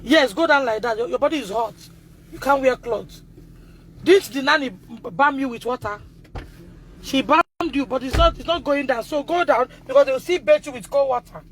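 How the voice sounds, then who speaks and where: A woman's voice: high-pitched, moderate pace, a little hiss or hum. A middle-aged Nigerian woman, a mother, tells her story on a live stream in an urgent, agitated way and repeats herself. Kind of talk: emotional live-stream recounting.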